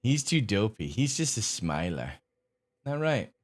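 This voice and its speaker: A man streaming live, chatting casually to his viewers and coaxing his dogs with a high sing-song voice. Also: big pitch swings, a little slow.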